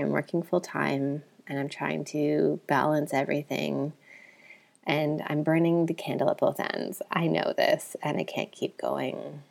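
A woman in her thirties with a low voice and a gravelly edge of vocal fry, hosting her own podcast. As a psychologist, she shares personal stories openly and reflectively, in a candid, confiding tone. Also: darkish tone.

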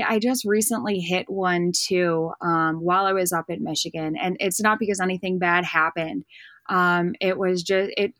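A woman's voice: on the low side, no room sound. A young woman, a guest on a podcast, chatting casually and animatedly acting out the dialogue in her stories. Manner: lively storyteller acting out quoted dialogue. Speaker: podcast guest, bird dog handler and hunting guide. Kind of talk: casual chat.

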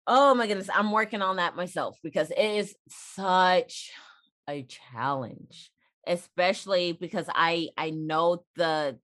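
A woman's voice: on the low side, measured pace, fairly bright tone. A woman guest on a podcast and mother of a toddler, talking earnestly and encouragingly in casual chat.

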